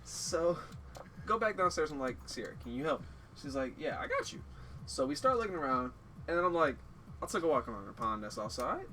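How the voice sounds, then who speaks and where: This man's voice sits a little high and moves a little fast as he, a guest storyteller, tells a comic story in a loose, foul-mouthed way. He performs the voices of those he quotes with lots of energy, recorded on a distant mic with noticeable background noise.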